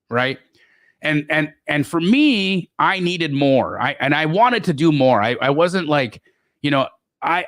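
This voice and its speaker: A middle-aged man telling stories as a podcast guest, animated, often repeating words and restarting. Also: no room sound, studio quality. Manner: animated, acts out quoted voices with big pitch jumps. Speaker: guest real estate investor. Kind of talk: storytelling in a podcast interview.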